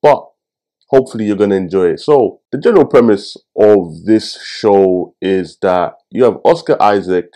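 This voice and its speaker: Young male reviewer, deep-ish warm tone, casual ranting with cheeky asides. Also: moderate pace. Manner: animated, swearing, jokey asides. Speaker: film review host.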